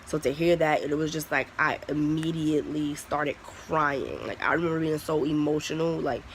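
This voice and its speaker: A young adult vlogger talks straight to camera in a loose storytime style, blunt and full of swearing. The voice has a gravelly, creaky edge and sits in a middle pitch. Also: moderate pace, a little hiss or hum, rough recording. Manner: candid, profane, heavy use of "like". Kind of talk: casual storytime vlog.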